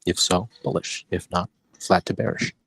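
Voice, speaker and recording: A man with a deep, even voice runs through trading data in a voice chat. He speaks in a measured, analytical way, laying out each condition in turn. The sound is dry and close. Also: gravelly, husky, dry recording, poor audio. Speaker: regular trader in a live voice chat. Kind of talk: casual market discussion. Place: in a city, away from home.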